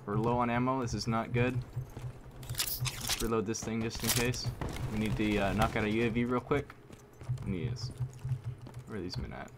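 A man giving live commentary over his own gameplay, excitable, repeating himself and using mild minced oaths. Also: fairly low pitch, normal speed, long pauses, background noise. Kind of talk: live video game commentary. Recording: loud game gunfire under voice. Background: gunfire and shooting game sounds.

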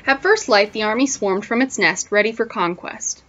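A woman teacher reading a picture book aloud, pausing to wonder aloud to her listeners, on a dull lo-fi recording. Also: mid-range voice, noisy background.

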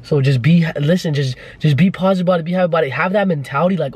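A man's voice: high-pitched, rapid-fire, hardly any pauses. A young man vlogging from inside a car, giving a playful, teasing pep talk with frequent laughs. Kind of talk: casual chat.

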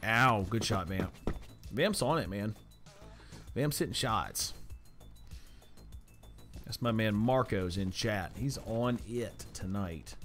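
A fairly low-voiced man gives live commentary on his game, talking with his chat and reacting fast. Loud game music and gunfire run underneath everything he says. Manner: excitable, chatty with chat, quick reactions. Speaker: game streamer.

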